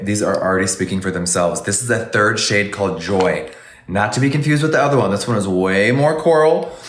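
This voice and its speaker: This makeup livestreamer speaks at a fairly low pitch in an echoey room. His casual review is effusive and full of exclamations, and he calls his audience "baby" and "honey" in a campy way.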